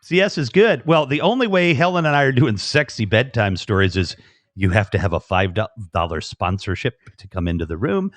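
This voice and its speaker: American man, livestream host, flirty banter, trailing fillers, mid pitch, dry close sound. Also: animated, a little fast, no room sound. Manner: playful, flirty, rambling with many fillers. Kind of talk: casual livestream chat.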